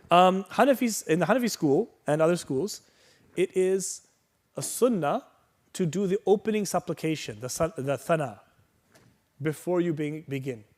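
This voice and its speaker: His pitch leans high with a bit of mellowness as he guides a prayer workshop. The religious teacher reassures his listeners, explains patiently, recites in Arabic, and keeps asking "right?" or "okay?"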